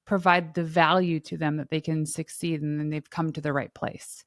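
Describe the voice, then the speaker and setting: A woman hosting a podcast interview in a casual, animated way, laughing easily and using lots of fillers. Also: sits low, moderate pace, no echo, studio quality. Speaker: podcast host.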